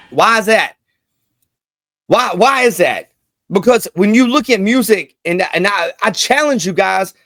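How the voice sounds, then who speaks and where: A man's voice: high-pitched, a bit bright, dry recording, studio quality. A man hosting a casual commentary vlog, hyped and slangy, repeating lines for emphasis. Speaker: channel host.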